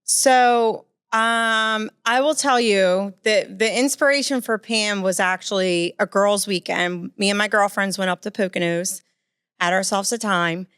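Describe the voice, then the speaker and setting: Woman, comedian guest, storytelling, smooth voice, dry close sound. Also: mid-range voice, measured pace, a bit bright, no echo. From Philadelphia. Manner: chatty storyteller. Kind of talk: casual podcast chat.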